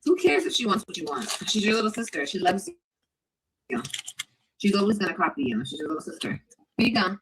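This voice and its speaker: A woman's voice: mid-range voice, lively intonation, a little fast, pauses often, a bit bright, breathy edge, poor audio. A mother on a livestream, talking to her kids and sarcastically mocking her viewers. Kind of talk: casual livestream chat.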